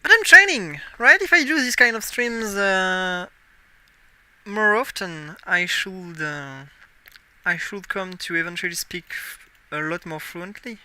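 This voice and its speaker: Bright-voiced French-accented young streamer. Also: male voice, sits high, expressive, a little slow, clear, resonant tone. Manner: musing aloud while playing, self-correcting. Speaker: game streamer. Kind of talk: casual live-stream commentary.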